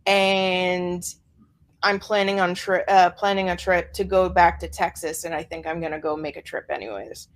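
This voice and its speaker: A woman in her thirties, a guest on a podcast, chatting casually in an unhurried way. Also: fairly low pitch, fairly even intonation.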